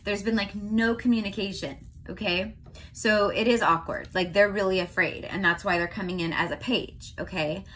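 A young woman from California giving a casual tarot reading to her viewers, chatty and often checking in with a quick "okay?". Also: mid-range voice, fairly even intonation, a bit bright, a little hiss or hum. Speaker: tarot reader.

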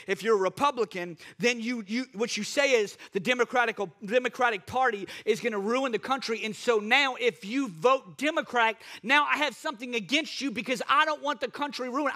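A man's voice: extremely high pitch, bright, forceful tone. A male pastor preaching a sermon with impassioned, repetitive exhortations.

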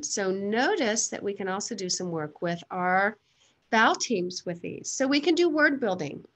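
Teacher lady walking through phonics activities, slow and careful, sounding stuff out, goes bright when she talks to the kids. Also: mid-range voice. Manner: slow, deliberate, modeling sounds to children. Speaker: teacher trainer. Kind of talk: instructional demonstration.

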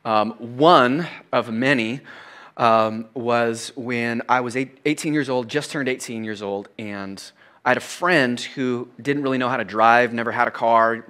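A middle-aged man, probably a pastor, preaching a sermon, telling a personal story animatedly and dropping to hushed, confessional tones. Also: medium pitch, fairly even intonation, a little slow.

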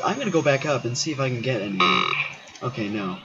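Male gaming commentator, excitable and animated, dull lo-fi mic. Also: medium pitch, fast, very noisy. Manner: excitable, yells at the characters, swaps swears for silly words. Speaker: gaming YouTuber. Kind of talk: horror game commentary. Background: game music.

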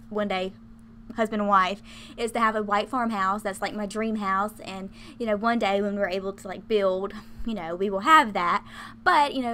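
A woman's voice: mid-range voice, bright, forceful tone, a little hiss or hum. A young woman casually talking through a life-sim game she plays, chatty and giggly with many fillers. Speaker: gaming channel host.

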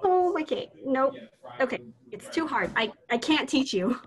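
A woman reading an impatient young woman who tutors French and snaps quickly. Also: high voice, animated. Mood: exasperated. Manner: exasperated, quick to snap. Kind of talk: amateur scene reading.

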